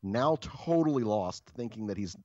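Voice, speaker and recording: Very deep-voiced man telling a story. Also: lively intonation, normal speed, warm tone, no echo, muffled recording. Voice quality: many fillers and restarts, swears casually. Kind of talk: casual anecdote.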